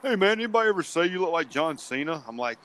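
A man who served as a Marine, telling stories in a laid-back, swearing, lively way in casual chat. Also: fairly high pitch, fast talker. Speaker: veteran podcast guest.

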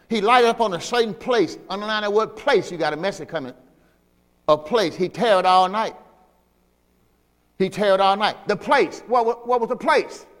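A man's voice: high-pitched, long reverb tail. A middle-aged man preaching a sermon as pastor, reading scripture aloud and calling out to the congregation. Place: church sanctuary.

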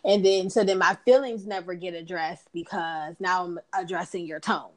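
A woman chats casually, lively and expressive as she acts out bits of dialogue. Her voice sits a little low for a woman. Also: moderate pace, low-quality recording. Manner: animated storyteller, acts out dialogue. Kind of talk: casual conversation.

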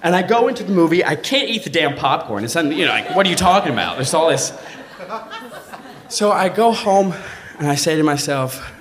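A man tells a true personal story on a live stage, chatty and full of swearing. His pitch swings widely, and he leaps up high to act out the people he quotes. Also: brisk, a crowd in the background. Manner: animated, acts out quoted voices with big pitch jumps; swearing, conversational, frequent "like".

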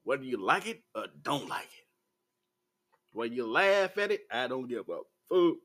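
A man in his forties with a Southern American accent, ranting bluntly and profanely to the camera in a slow, laid-back vlog. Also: mid-range voice, very animated, fairly bright tone. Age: 40s. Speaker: vlogger.

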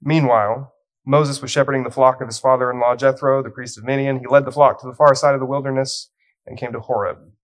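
Man, youth pastor, sermon, storytelling, light humor, dramatic scripture reading, mid-pitched voice. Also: fairly even intonation, quick pace, low-quality recording.

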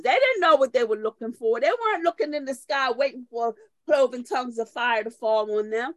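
Woman, pastor, sermon, high-ish voice, dry close sound, storytelling turning fervent, calls members by name. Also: animated, moderate pace, no room sound. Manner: conversational storytelling building to fervent preaching.

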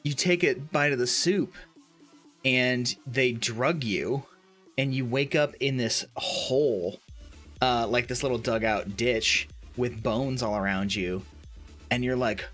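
A man in casual podcast chat, telling a game anecdote with lots of fillers and laughs, dropping into high put-on voices for the characters. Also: slow, a bit bright, soft background music. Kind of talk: casual chat about video games.

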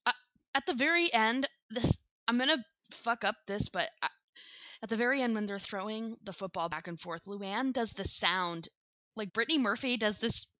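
A woman co-hosting a casual podcast chat, excitable and quick to laugh, swearing casually. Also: fairly high pitch, dry recording. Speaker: podcast co-host.

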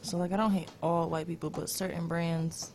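A woman's voice: lowish voice, little pitch movement, moderate pace, darkish tone, slight background noise. A young woman, speaking bluntly in a casual podcast chat. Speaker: podcast co-host.

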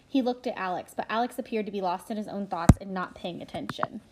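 A woman narrates a children's fantasy novel aloud, reading expressively. Her voice sits at an ordinary middle pitch for a woman. She occasionally slips on a word and starts it over. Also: fast, heavy background noise. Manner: expressive, with small slips and restarts. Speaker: audiobook narrator.

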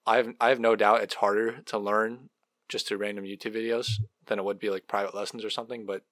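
A man's voice: lowish voice, little pitch movement, fast, fairly bright tone, no room sound. A young man co-hosting a podcast in casual chat, making wry, dry remarks. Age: young adult. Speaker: podcast co-host.

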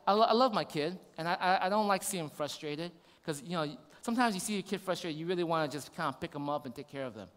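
A man's voice: on the high side, a bit bright, big-room sound. A man in his thirties, a pastor giving a conversational sermon with rhetorical questions.

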